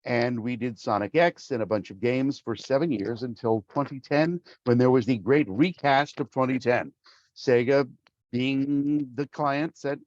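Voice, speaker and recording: A middle-aged male voice actor telling stories as an interview guest, lively and acting out quoted voices. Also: medium pitch, unhurried, dry recording, dull audio. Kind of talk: casual interview storytelling.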